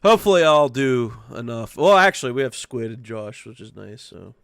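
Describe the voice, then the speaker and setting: A man hosting a casual online talk show, animated and laughing, swearing often as he reacts to clips with his guests. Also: medium pitch, normal speed, creaky, clean tone, no room sound, clean studio sound. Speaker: podcast host. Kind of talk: casual chat.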